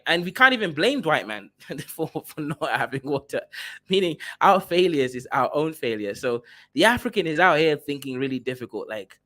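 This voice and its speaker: A man hosting a livestream, giving sarcastic, animated reaction commentary. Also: fairly high pitch, fast. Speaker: livestream host.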